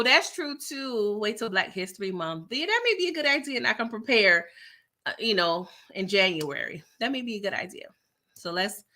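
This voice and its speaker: A middle-aged woman, hosting a casual livestream chat and reading out viewer comments, animated and laughing often. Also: mid-range voice.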